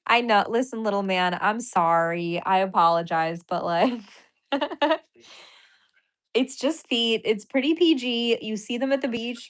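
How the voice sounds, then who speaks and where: A woman on a casual livestream, chatting straight to her viewers with a middle-pitched voice. She is giddy and apologetic by turns and often breaks into laughter, with some casual swearing mixed into her gushing thanks. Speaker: comedian and podcaster livestreaming to viewers. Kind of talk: casual livestream chat reacting to donations.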